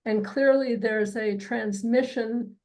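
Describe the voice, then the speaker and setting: A woman in a study class asks a question at a very slow, measured pace. Her voice sits a little high, and she sets each phrase out with care. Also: steady tone, darkish tone, poor audio. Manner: slow and deliberate. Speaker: class participant.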